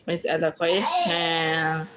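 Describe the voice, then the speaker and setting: A woman's voice: low voice, big pitch swings, takes it slowly, fairly bright tone, poor audio. A woman with a Zimbabwean accent, a native Shona speaker, chatting with viewers in a casual question-and-answer vlog, talking to them directly and laughing often.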